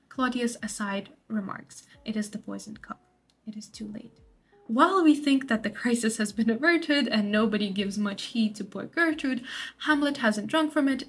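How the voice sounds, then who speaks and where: A woman tutor explaining a literature study guide in a casual way, sometimes acting out short quotes. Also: a little high. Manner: casual paraphrase with acted quotes.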